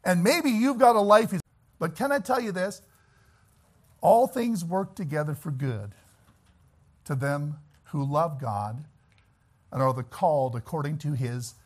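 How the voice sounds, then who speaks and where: Very animated and pitched fairly high, a male preacher gives a sermon that moves from hushed, unhurried reflection to impassioned, loud urging that breaks into shouts.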